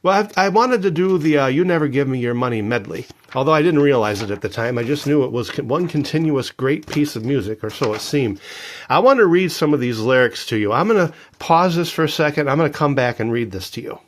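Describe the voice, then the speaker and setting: A man in his fifties chatting casually about his record collection, jokey and animated. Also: mid-range voice, a little fast, a little hiss or hum. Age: 50s. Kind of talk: casual show-and-tell vlog.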